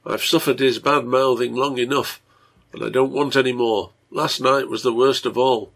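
A man voicing a hard, resentful male tavern keeper in a read-aloud story, with a husky, gravelly voice. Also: medium pitch, normal speed. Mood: angry. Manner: blunt, resentful.

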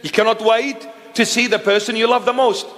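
A man's voice: very high voice, fairly even intonation, a little fast, fairly bright tone. A man preaching a sermon in a church, asking emphatic questions and answering them himself. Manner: call-and-response questioning, emphatic. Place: church hall. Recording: long church reverb.

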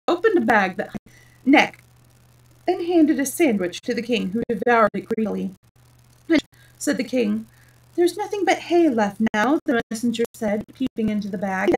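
A woman's voice: a little high, breathy edge, distant mic, poor audio. Woman reading a children's story aloud.

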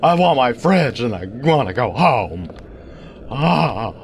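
A man puts on a cowardly male lion, all whimpers and pleas. The voice drops lower than his usual and quavers with fear, with a faint hiss behind it. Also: sing-song, takes it slowly. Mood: whimpering. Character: timid whimpering male lion, fearful and pleading.

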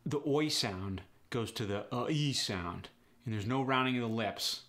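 A man working as an accent coach, briskly explaining pronunciation changes in a matter-of-fact instructional style. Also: mid-range voice, lively intonation, a bit bright.

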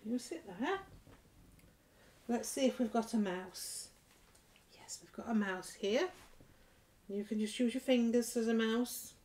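A woman leading a nursery rhyme session for little children, gentle and encouraging with a sing-song way of talking. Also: fairly high pitch, unhurried, pauses often, slight background noise. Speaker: toddler group leader.

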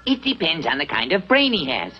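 A fussy, easily alarmed ship doctor in an old cartoon. The voice moves lively up and down. It is a muffled, dull dub with loud music behind it. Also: mid-range voice, brisk.

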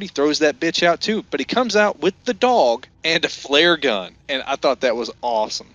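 A man's voice: on the high side, big pitch swings, moderate pace, hardly any pauses, a bit bright, no room sound, muffled recording. A man co-hosting a casual beer-and-movie podcast, retelling scenes and acting out the lines. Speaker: podcast co-host.

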